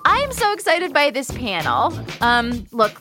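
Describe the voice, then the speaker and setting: Lively, laughing woman hosting a comedy podcast. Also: sits high, a little slow, soft background music. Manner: animated, laughs often, swears freely. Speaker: podcast host. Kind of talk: casual comedy chat.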